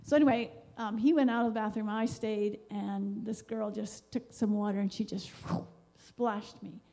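A woman with a medium-pitched, dark voice, vocal fry, and fairly even intonation speaks at normal speed. Sharing a devotion at a church gathering, she gives a meandering, heartfelt personal testimony full of fillers and restarts.

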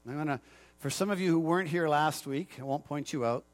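A man pastor preaching in a conversational sermon style. He jokes with people in the pews. His voice sits fairly high for a man. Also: brisk.

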